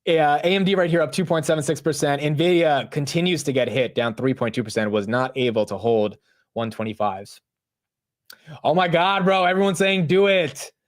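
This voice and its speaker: A man's voice: fairly high pitch, normal speed. A man from the United States hosting a live stream of market commentary, chatty and slangy, often laughing and calling viewers bro and dude. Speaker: livestream host.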